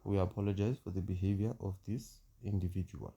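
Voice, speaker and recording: A man's voice: deep voice, steady tone, a little fast, warm tone, husky, lo-fi sound. A middle-aged man with a South African accent giving a mock-formal, self-deprecating comic monologue. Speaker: social media comedian.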